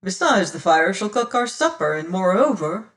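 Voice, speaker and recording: A woman's voice: medium pitch, very animated, moderate pace, fairly bright tone, recorded from a distance. A woman voicing a protective young male adventurer who speaks firmly in old-fashioned phrases. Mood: resolute. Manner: firm, hearty, old-fashioned speech.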